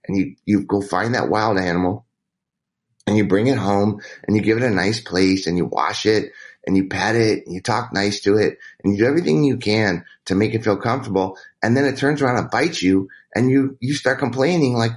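A man's voice: on the low side, brisk. A man as a guest telling a candid personal story in a conversation, rambling with restarts and acting out quoted dialogue.

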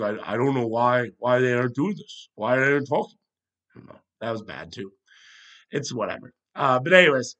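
Bright-voiced rambling sports podcast host. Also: male voice, mid-range voice. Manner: rambling, self-deprecating, thinks out loud. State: slightly congested with a cold. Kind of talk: casual solo sports podcast.

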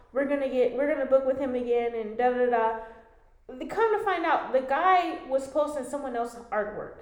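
A woman's voice: sits high, normal speed. A young woman co-hosting a podcast, casually telling a story and swearing freely. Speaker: podcast co-host. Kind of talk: casual chat. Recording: echoey room.

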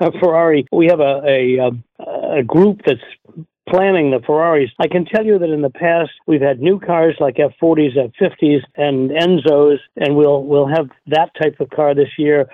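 A man's voice: a little high, moderate pace, no room sound. An older man, a guest on a radio show, talking about car events with many fillers and restarts. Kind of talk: phone-in radio interview. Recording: tinny phone line.

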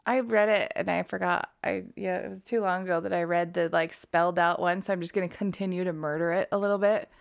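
A woman's voice: lowish voice, steady tone, fast, gravelly, few pauses. A young adult woman from Utah co-hosting a casual true crime podcast, blunt and swearing, laughing often. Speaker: podcast co-host.

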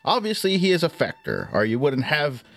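Brief: man as a sarcastic ringside interviewer, lively pitch. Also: normal speed, creaky, heavily acted. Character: male wrestling interviewer, dry and sarcastic. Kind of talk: comic reading of a promo.

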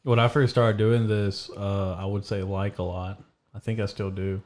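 A low-pitched man hosts a casual podcast chat. He rambles through crude anecdotes and leans on fillers as he goes. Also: little pitch movement, normal speed, darkish tone. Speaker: podcast host.

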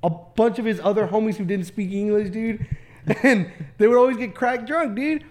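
Brief: high-voiced young man, podcast co-host, loose slang, swearing storyteller. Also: normal speed, slight background noise. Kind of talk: casual storytelling.

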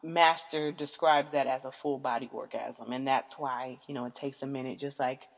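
A woman's voice: extremely low pitch, steady tone, moderate pace. A woman hosting a casual podcast episode, talking frankly and rambling, with lots of fillers and profanity. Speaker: podcast host. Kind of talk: casual candid monologue. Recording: long hall reverb.

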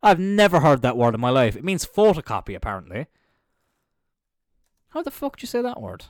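An Irish man, a young adult, hosting a casual solo podcast in an animated, jokey way with plenty of swearing. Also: medium pitch, brisk, no room sound, clean studio sound. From Ireland. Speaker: podcast host.

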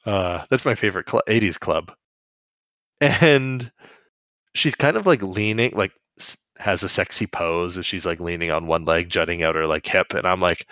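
A podcast co-host casually recaps a cartoon episode, rambling along with lots of fillers and laughs. His lowish voice is animated and fairly bright in tone, at a moderate pace. There is no echo, but the highs are cut off.

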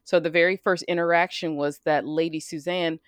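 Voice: mid-range voice, steady tone, fairly quick, a bit bright, clean tone, no room sound, clean studio sound. A podcast co-host from the United States in casual chat, talking freely and often restarting sentences. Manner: chatty, trails off and restarts.

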